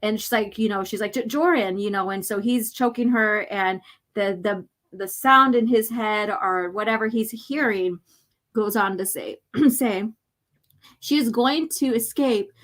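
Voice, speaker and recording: A woman's voice: mid-range voice, measured pace, a bit bright. Rambling woman with a scratchy throat. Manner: rambling, lots of fillers. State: irritated throat, clearing it often. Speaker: host reading a comic aloud. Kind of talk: casual livestream chat.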